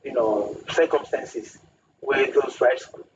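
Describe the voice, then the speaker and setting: A man speaks slowly at a medium pitch as a studio guest on a radio talk show, making his points emphatically and leaning on proverbs. The recording sounds distant and muffled, with hiss from the radio studio.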